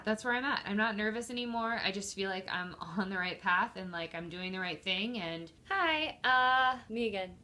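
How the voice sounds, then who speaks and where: A woman's voice: fairly high pitch, pushed and bright. A woman in her thirties talking candidly and emotionally to the camera in a personal video diary at home. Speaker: vlogger.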